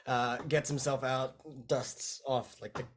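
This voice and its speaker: A man's voice: medium pitch, flat delivery, measured pace. A man playing a tabletop role-playing game, narrating what his character does in a rambling, self-deprecating way. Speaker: player.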